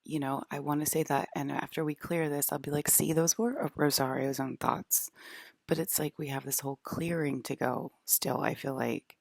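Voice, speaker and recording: Brief: young woman vlogger, low gravelly voice, rambling, filler-heavy, dry close sound. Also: fairly even intonation, fairly quick, hardly any pauses, a little mellow, dry recording. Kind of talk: casual rambling monologue.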